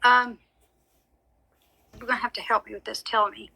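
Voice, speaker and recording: A woman's voice: fairly high pitch, flat delivery, moderate pace, gravelly, bright, forceful tone, low-quality recording. Woman, psychic medium, live chatty reading, frank, apologetic, brilliant tone. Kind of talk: live social media reading.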